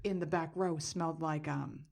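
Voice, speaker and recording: A woman's voice: deep voice, fairly even intonation, normal speed, gravelly, darkish tone. A middle-aged woman co-hosting a podcast, chatting casually and telling stories with lots of laughter. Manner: laughing, storytelling, playful. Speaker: podcast co-host. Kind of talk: casual chat.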